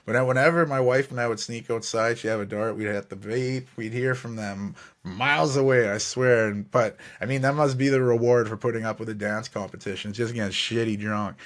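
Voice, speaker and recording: A man's voice: medium pitch, fairly even intonation, fairly quick, few pauses. A man hosting a sports podcast, running through the week's news and then telling loose, profane stories from a trip. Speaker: podcast host. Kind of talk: casual sports podcast monologue.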